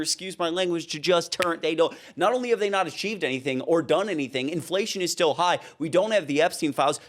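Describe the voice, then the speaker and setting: A young man giving heated, casual political commentary, worked up and ranting. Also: fairly high pitch.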